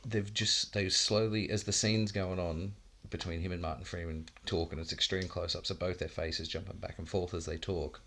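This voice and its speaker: Man, very low voice, rambling casual podcast chat, laughs a lot, swears freely. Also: fairly even intonation, moderate pace, vocal fry, few pauses, a bit bright, a little hiss or hum. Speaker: podcast co-host.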